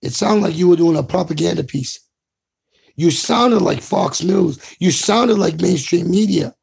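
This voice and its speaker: A man's voice: high voice, lively intonation, a little slow, gravelly, a little mellow, husky. A man delivering an impassioned, profane video rant as a commentator. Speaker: political commentator.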